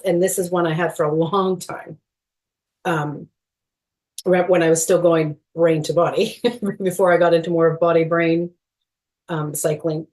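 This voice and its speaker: Middle-aged woman, podcast guest, low-ish pitch, earnest and animated, laughs lightly, uses lots of fillers. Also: unhurried. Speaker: guest, movement educator. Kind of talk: podcast interview.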